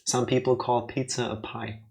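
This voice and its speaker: A man hosting a let's play, commenting on the game in an excitable, joking way with quick asides. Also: mid-range voice, creaky. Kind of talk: casual gameplay commentary.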